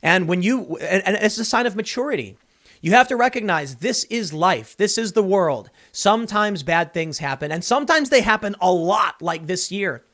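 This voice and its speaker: A man delivering an opinionated, sarcastic political commentary monologue, now and then mocking people in shrill impressions. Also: normal speed. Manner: animated, sarcastic, mocks others with shrill impressions.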